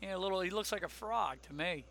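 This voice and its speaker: High, bright-voiced ranting man. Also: quick pace, creaky, a little hiss or hum. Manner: animated, ranting, emphatic. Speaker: podcast co-host. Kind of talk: casual chat.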